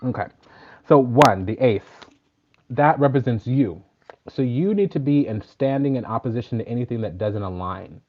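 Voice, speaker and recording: A man's voice: mid-range voice, animated, normal speed. Emphatic, profane man preaching a sermon. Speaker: spiritual teacher and tarot reader. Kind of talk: casual spiritual sermon. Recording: dull lo-fi recording.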